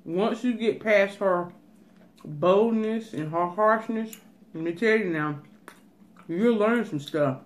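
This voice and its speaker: A woman's voice: medium pitch, slow. Woman giving emphatic casual advice. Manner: emphatic, advice-giving, repeats "let me tell you". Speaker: cooking and mukbang vlogger. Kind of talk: casual chat.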